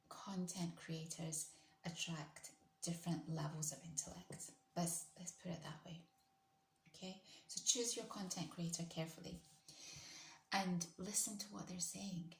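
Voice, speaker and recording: A woman's voice: fairly low pitch, measured pace, vocal fry, pauses often. Chatty woman streaming in an echoey room. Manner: chatty, rambling, asks viewers questions. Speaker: livestream host. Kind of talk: casual livestream chat. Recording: echoey room with faint noise.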